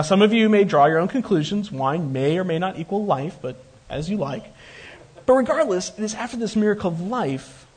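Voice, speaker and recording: A man's voice: on the high side, slightly rough. A man preaching a conversational sermon, retelling a scripture story with joking asides.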